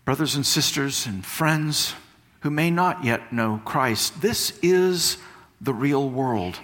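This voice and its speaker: A man preaching a sermon as pastor, slow and emphatic, building up to pointed questions and then dropping to hushed words. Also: mid-range voice, lively intonation. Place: church sanctuary. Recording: long reverb of a church hall.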